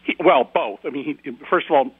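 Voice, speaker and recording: A man's voice: fairly high pitch, brisk, slightly rough, no echo. A man, a guest author giving emphatic, indignant commentary in a radio interview over a phone line.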